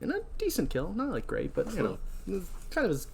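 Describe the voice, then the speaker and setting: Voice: mid-range voice, wildly swooping pitch, fairly quick. A podcast host casually recapping a horror movie, chatty and full of fillers. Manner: chatty, filler-heavy, laughing.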